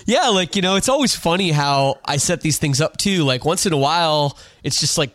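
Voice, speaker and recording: A man from North America hosts a casual podcast interview, his voice sitting a little high. He rambles along with lots of fillers and false starts. The sound is dry, with no room echo. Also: lively intonation, brisk, fairly bright tone. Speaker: podcast host. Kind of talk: casual interview chat over a call.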